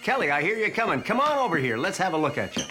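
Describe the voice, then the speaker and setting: A man's voice: high voice, sing-song, very fast, bright, forceful tone. A man interviewed as a bagpiper, explaining history in an easy storytelling way. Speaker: bagpiper and guest. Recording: faint music behind.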